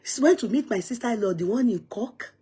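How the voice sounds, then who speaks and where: Husky nigerian lady vlogging, dramatic storyteller, whispers then gets loud. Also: a little high, brisk. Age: middle-aged. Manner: animated, dramatic, drops to hushed whispers and swings to loud outbursts. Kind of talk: emotional personal storytelling.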